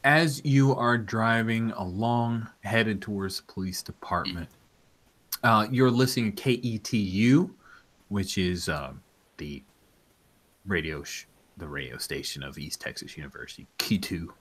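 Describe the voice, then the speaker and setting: A man narrating as game master of a tabletop role-playing game in a relaxed, meandering way. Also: fairly low pitch, a little slow.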